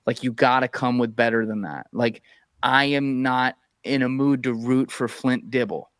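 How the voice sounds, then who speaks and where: A man talking casually as a podcast guest, giving blunt, profane and animated opinions. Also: mid-range voice, moderate pace, clear, resonant tone, no echo, studio quality.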